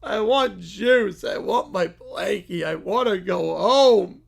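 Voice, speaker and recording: A man's voice: sits high, gravelly, heavily acted. A man voicing a whiny, bratty, scared cartoon bear-child who complains nonstop. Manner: whining, complaining, drawn-out.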